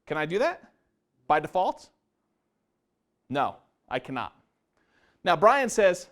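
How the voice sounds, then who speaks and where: A man's voice: a little high, big pitch swings, takes it slowly, pauses often, fairly bright tone. A man presenting a live seminar on real estate investing to an audience, often quizzing them with questions. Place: meeting room before a live audience.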